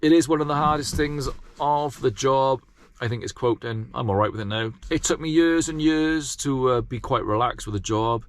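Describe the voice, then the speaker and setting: Chatty gardener rambling on. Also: male voice, medium pitch, normal speed. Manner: rambling, chatty, self-deprecating. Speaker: gardening business owner vlogger. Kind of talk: casual vlog Q&A talk.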